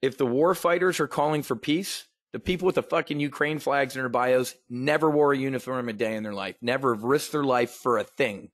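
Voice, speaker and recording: The host of a trading market briefing delivers casual, profane livestream commentary, ranting bluntly and sarcastically with frequent restarts. His mid-range, slightly bright voice moves a little fast with hardly any pauses, in studio-quality sound with no echo.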